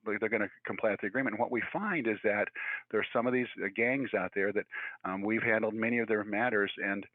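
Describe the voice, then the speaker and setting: A man, likely in his sixties, giving a virtual presentation in a fast, conversational way with many fillers and restarts. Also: fairly low pitch, no echo. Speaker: guest speaker. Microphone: video call. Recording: tinny phone-like audio, dry.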